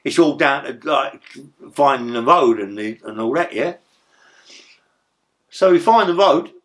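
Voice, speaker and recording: An older man, telling rough stories in a rambling, profane way as an interview guest. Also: mid-range voice, animated, a little slow, fairly bright tone. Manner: rambling, profane, tag questions like "yeah?". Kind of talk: storytelling in a casual interview.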